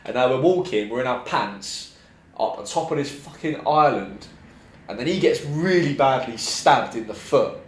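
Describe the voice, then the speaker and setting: A young man tells a story in loose, animated podcast chat, peppered with swearing and slang. His voice sits at a middling pitch. The room is echoey, with a faint hiss of noise behind him. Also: moderate pace. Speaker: podcast host. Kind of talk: casual chat. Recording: roomy echo, faint background noise.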